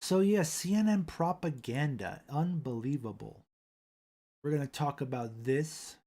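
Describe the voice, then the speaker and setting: A man hosting a casual live stream, rambling, repeating himself and reading chat aloud into a boom-arm desk mic. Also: unhurried, warm tone.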